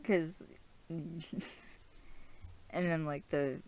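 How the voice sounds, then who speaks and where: A young woman with a low voice talks through a TV episode at an unhurried pace. She rambles casually, fills her speech with fillers and laughs often, like a podcast host chatting with her audience. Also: steady tone, a little mellow, no room sound.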